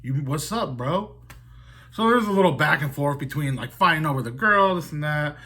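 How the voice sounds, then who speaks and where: A man's voice: fairly high pitch, lively intonation, a little fast, pushed and bright. A man recapping a horror film in casual, rambling talk, swearing often and leaning on fillers like "like" and "dude". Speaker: horror movie reviewer.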